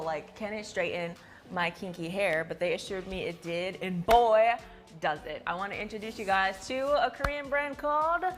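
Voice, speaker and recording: A woman's voice: medium pitch, fairly bright tone. A young woman hosting a casual livestream product demo in a studio, talking chattily and playfully through a clip-on mic. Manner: chatty, filler-heavy, playful. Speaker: livestream host.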